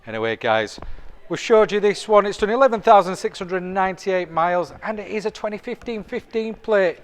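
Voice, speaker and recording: A man's voice: sits high, lively intonation, a little fast. A man presenting a motorbike for sale in a chatty, enthusiastic walkaround. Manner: chatty, enthusiastic salesman patter. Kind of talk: sales walkaround video.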